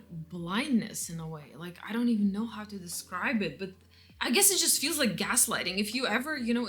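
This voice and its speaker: A woman's voice: on the high side, fairly bright tone. A woman telling an emotional story-time rant, rambling and full of restarts, with bitter laughter breaking through her anger. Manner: rambling, restarts often, lots of "like" and "you know". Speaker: vlogger.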